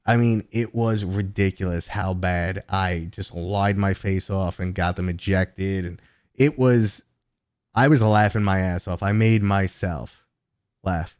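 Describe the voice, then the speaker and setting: A man's voice: smooth, no echo, clean studio sound. A man hosting a casual live stream, rambling through viewer questions with lots of tangents and fillers. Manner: jumps to a much higher, louder pitch when greeting viewers.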